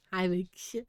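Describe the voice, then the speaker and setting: A woman's voice: mid-range voice, dark tone, no room sound, clean studio sound. A giggly, hyper Australian woman rambling in casual live-stream chat as a streamer.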